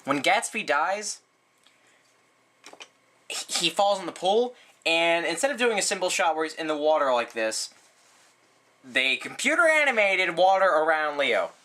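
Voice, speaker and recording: Animated rambling young man reviewing a film. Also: a little slow, pauses often. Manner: rambling, full of "like" and "um", sarcastic asides; animated, frequent jumps in pitch. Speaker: movie reviewer. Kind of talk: casual movie review vlog.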